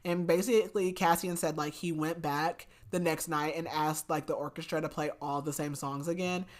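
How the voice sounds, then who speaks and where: A woman's voice: deep voice, steady tone, moderate pace. A young woman co-hosting a podcast, recapping a fantasy novel in casual chat, full of "like" fillers and laughter. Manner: chatty, filler-heavy with frequent "like", laughs often. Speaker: podcast co-host.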